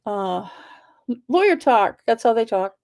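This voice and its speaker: A woman with a somewhat higher voice talks casually, drifting between thoughts and correcting herself as she goes. She sounds like a local video blogger chatting about small-town matters. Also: very animated, unhurried, darkish tone. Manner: chatty and rambling, with self-corrections. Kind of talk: casual commentary.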